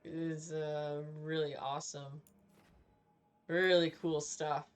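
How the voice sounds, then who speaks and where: A woman's voice: low-pitched, level tone, takes it slowly, smooth. A woman game streamer giving casual, candid commentary while she plays, laughing often and swearing freely.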